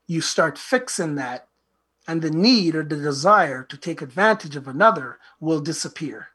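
A man's voice: a little high, animated, normal speed, sharp tone, slightly rough. A man hosting a self-help talk show, speaking earnestly and reflectively in a repetitive, lecturing way. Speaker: radio show host.

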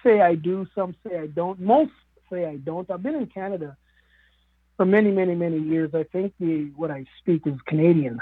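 Husky man over a tinny phone-like line. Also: high voice, moderate pace, no echo. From Caribbean. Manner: musing, earnest, with many fillers and restarts. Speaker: radio guest speaker. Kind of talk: reflective radio talk. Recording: narrow phone-like radio sound.

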